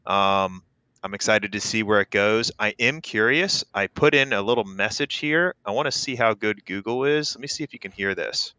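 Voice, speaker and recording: A man's voice: fairly low pitch, normal speed, no room sound. A man co-hosting a podcast, talking casually and encouragingly with plenty of fillers. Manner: warm, encouraging, rambling with fillers. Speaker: podcast co-host.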